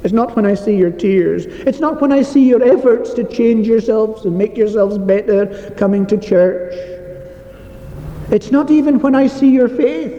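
A man's voice: high voice, takes it slowly, long pauses, slight background noise. A man preaching a sermon in a church, earnest and repetitive, stretching out key phrases for emphasis. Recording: echoey hall, dull lo-fi sound.

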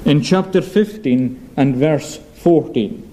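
A male preacher giving an earnest expository sermon, asking rhetorical questions and reading scripture aloud slowly. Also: fairly high pitch, background noise.

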